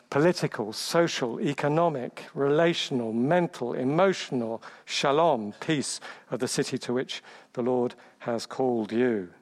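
A man preaching a sermon, emphatic, building through lists and rhetorical questions. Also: medium pitch.

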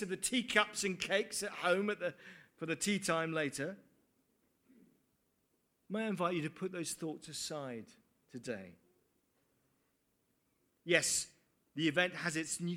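A man's voice: sits high, a bit bright. A man preaching a sermon, earnest, with rhetorical questions and dry asides.

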